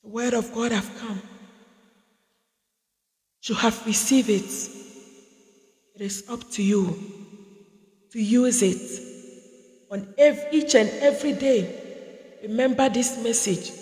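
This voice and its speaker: A woman's voice: on the high side, animated, slow, pauses often, a little mellow. A woman prophetess preaching a sermon, building through repeated phrases and acted-out dialogue. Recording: echoey hall with long reverb.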